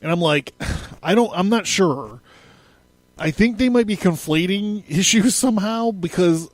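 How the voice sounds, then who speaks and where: A man's voice: high voice, lively intonation, a little slow, no room sound. Rambling, profane male podcaster. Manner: profane, rambling, laughing, stammering. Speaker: podcast host. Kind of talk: casual solo podcast commentary.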